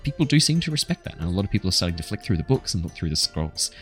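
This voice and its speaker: A man narrating as game master in a tabletop game, relaxed and rambling, with fillers. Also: deep voice, racing, slightly rough, soft background music.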